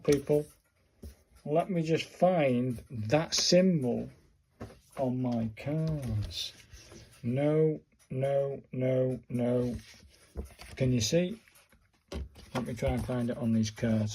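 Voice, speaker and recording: A man's voice: medium pitch, dark tone, a little hiss or hum. A middle-aged man, chatting to viewers in a casual video and growing exasperated as he works things out. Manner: chatty, exasperated, talks to viewers while searching cards. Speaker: vlogger learning calligraphy. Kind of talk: casual self-recorded tutorial.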